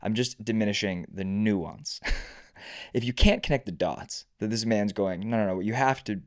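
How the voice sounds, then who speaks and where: Low-voiced man telling rambling stories. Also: moderate pace. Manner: animated, rambling storyteller with restarts. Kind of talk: casual storytelling chat.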